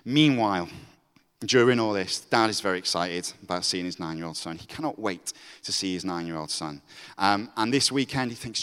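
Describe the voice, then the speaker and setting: A man's voice: mid-range voice, normal speed, pushed and bright, clean tone. A man preaching a storytelling sermon, acting out the characters' voices as he goes. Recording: reverberant hall.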